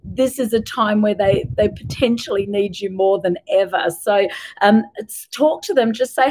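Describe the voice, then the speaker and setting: A middle-aged woman giving parenting advice to camera in a gentle, reassuring way, laying out tips in short lists. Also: medium pitch, unhurried, rough recording. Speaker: parenting educator.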